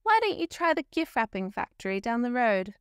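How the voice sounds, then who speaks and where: A woman doing a brisk, polite head elf. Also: on the high side, sing-song, clean tone, no echo, studio quality, voice pushed up. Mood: apologetic.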